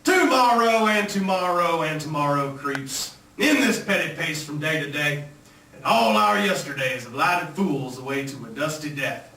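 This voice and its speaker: A man doing William Shakespeare as a Southern country dad, drawling out solemn verse and then hollering at the kids. The voice has a bright, forceful edge. It rings through an echoey club room, picked up from some distance. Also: on the high side, lively intonation, moderate pace, a little hiss or hum. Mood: reciting. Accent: American Southern. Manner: switches from recited verse to hollered yelling.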